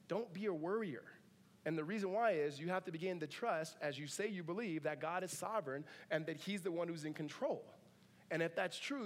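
High-voiced man preaching in a reverberant hall. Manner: conversational and joking, with asides and laughs. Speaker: pastor. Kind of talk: sermon. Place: church sanctuary.

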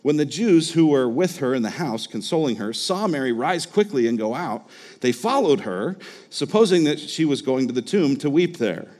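A man delivers a sermon in an easygoing, conversational voice, checking in with his listeners through rhetorical questions. His pitch sits in the middle range for a man. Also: expressive, moderate pace, darkish tone, in a large hall. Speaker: pastor.

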